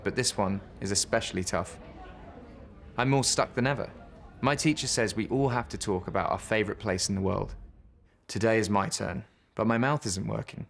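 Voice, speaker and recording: Low gentle man reading a bedtime story. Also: vocal fry.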